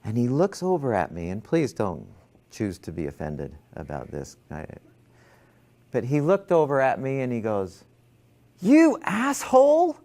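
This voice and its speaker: A man's voice: lowish voice, very animated, moderate pace, mellow. A man lecturing a class, telling a personal story and acting out his own thoughts.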